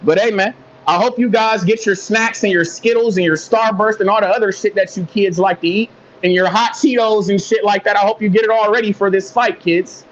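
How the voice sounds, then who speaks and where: A man's voice: high-pitched, fairly even intonation, fairly quick, dull audio, slight background noise. A man calling in to rant about boxing, fired up and heavily profane. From American Midwest. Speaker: caller. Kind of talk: heated boxing call-in rant.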